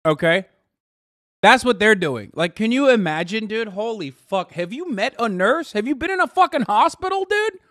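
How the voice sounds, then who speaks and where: A man's voice: high voice, sing-song, normal speed, fairly bright tone, no echo, studio quality. A man reacting to clips in casual commentary, profane, sarcastic and exasperated.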